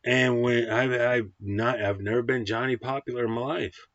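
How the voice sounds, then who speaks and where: A man tearing into a film in a casual, ranting review, blunt and combative with plenty of swearing. His voice sits at an ordinary pitch for a man. The recording is dry and dull, with a lo-fi edge. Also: fairly even intonation, normal speed, fairly bright tone, dry recording. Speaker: movie reviewer.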